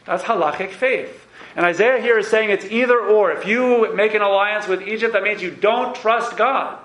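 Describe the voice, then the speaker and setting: A man teaching a text-study class, emphatic and animated as he reads passages aloud and explains them. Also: high voice, moderate pace, roomy sound, low-quality recording.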